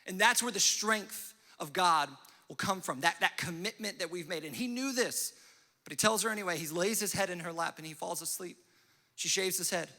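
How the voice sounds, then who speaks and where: High bright-voiced young pastor in a hall. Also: male voice. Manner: storytelling with quick acted-out voices and asides. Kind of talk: sermon. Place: church hall.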